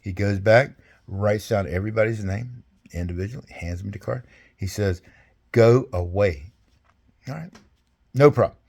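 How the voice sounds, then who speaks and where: A man's voice: fairly low pitch, moderate pace, creaky, a little mellow, husky. Older man, army veteran, rambling folksy storyteller, salty language, video call. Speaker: veteran interviewee. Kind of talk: casual storytelling interview.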